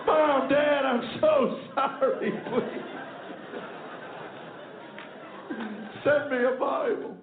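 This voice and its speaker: A man's voice: high-pitched, flat delivery, racing, crowd noise, background noise, lightly acted. A man playing a pleading teenage boy. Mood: desperate. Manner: pleading, self-pitying. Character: remorseful teenage boy writing home from boot camp. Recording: echoey, tinny phone-like live recording.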